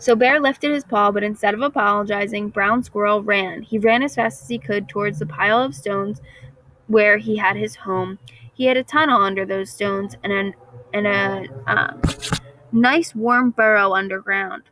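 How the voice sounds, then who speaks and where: A woman reading a folk tale aloud for children in a gentle, expressive storytelling voice. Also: medium pitch, moderate pace, no echo, low-quality recording.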